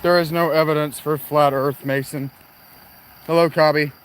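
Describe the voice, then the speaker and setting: A man's voice: a little high, level tone, moderate pace, clean tone. Rambling man livestreaming on a walk. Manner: rambling, answering chat while walking. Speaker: livestream host. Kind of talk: casual livestream chat. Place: outdoors at night near parked cars.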